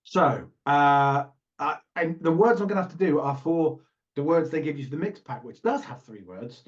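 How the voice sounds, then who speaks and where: A man's voice: on the high side, expressive, normal speed. Male podcast co-host, playful rambler, muffled lo-fi recording. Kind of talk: casual chat.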